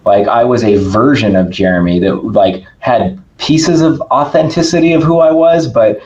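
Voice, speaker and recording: A podcast guest chats casually, his medium-pitched voice energetic and emphatic at a normal pace, and he keeps checking in with "right?". The audio sounds dull.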